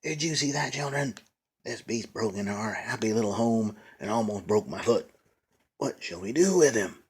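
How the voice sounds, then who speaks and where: A man's voice: animated, normal speed, slightly rough. A man voicing a mean old female witch in a storybook reading, with a cracked, screeching voice. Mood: shrill angry. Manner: shrill and bossy.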